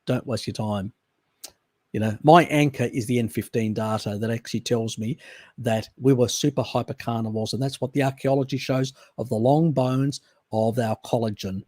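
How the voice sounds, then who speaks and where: Chatting casually on his live stream, an Australian host reads out viewer questions and answers them, restarting sentences and chuckling. He has a mid-range, fairly even voice at a moderate pace with a darkish tone, captured in clean, echo-free studio sound.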